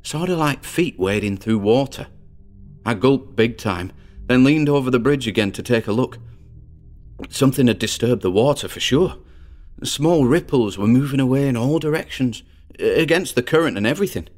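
A man's voice: mid-range voice, expressive, moderate pace, a little mellow, soft background music, close to an everyday voice. A man playing a boastful teenage boy who tells a ghost story and builds suspense. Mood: spooky.

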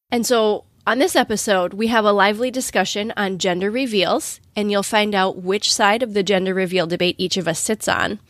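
A woman's voice: medium pitch, dry recording. A woman in her thirties from Minnesota with a Minnesotan accent, co-hosting a podcast in casual chat and laughing often. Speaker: podcast co-host.

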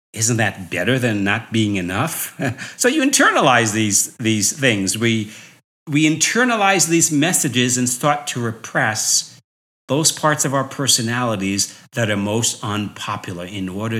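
A man's voice: medium pitch, a bit bright. A man from New York giving a personal motivational talk, chuckling often and repeating phrases for emphasis. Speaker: speaker.

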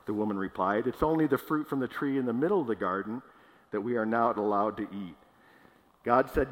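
Conversational male pastor in a reverberant hall. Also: fairly low pitch. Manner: casual, conversational preaching. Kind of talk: sermon. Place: church hall.

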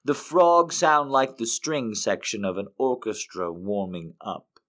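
A man hosting a show and reading poems aloud in an expressive way, lifting some lines and dropping others to a hush. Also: lowish voice, unhurried. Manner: expressive reader, swings between lifted and hushed phrases. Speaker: host. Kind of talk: poetry reading.

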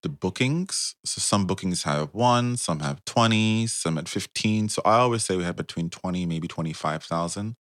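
Deep-voiced man telling a story. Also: moderate pace, few pauses, dry recording, studio quality. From United States. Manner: animated, lively storyteller who laughs often. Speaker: guest, tour company founder. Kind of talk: storytelling in a podcast interview.

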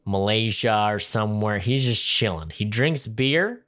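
A man's voice: lowish voice, expressive, a little slow, fairly bright tone. A young man co-hosting a podcast, reviewing a movie in a rambling, sarcastic, casual chat. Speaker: podcast co-host.

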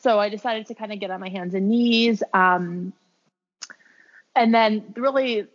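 A woman's voice: medium pitch, a little slow. A woman telling a personal story in a casual, chatty way, full of "like" and "um". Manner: chatty, heavy use of "like" and "um". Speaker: podcast guest sharing her birth story; birth worker with clients. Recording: dull lo-fi recording.

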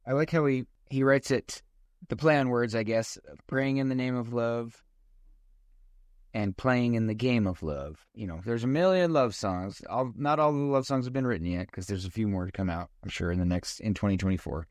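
A man's voice: medium pitch, moderate pace, dry recording. Wry joking man, dry close mic. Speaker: podcast co-host. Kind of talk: casual chat.

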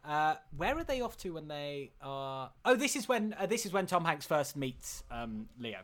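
A man's voice: a little high, big pitch swings, normal speed, a bit bright. A man recapping a film in casual chat, rambling with many fillers and acting out lines. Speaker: podcast co-host.

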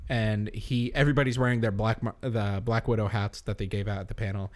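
A man co-hosting a casual podcast chat, rambling and animated, laughing often. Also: fairly low pitch, a little fast. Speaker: podcast co-host.

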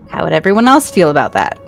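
A woman's voice: low voice, creaky. Blunt, joking woman at a game table. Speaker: player. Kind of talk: casual game-table chat.

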